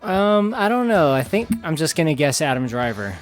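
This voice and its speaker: A man on a podcast panel whose voice sits a little high. He jokes crudely and laughs his way through loose banter. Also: very animated, moderate pace, soft background music. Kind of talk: casual chat.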